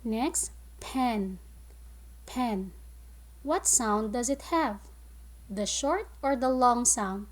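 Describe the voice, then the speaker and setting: Lady teacher doing phonics for little kids, super slow and clear, kinda high voice. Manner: slow, clear, drawn-out word modeling with praise. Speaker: kindergarten teacher. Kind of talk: phonics lesson for young children.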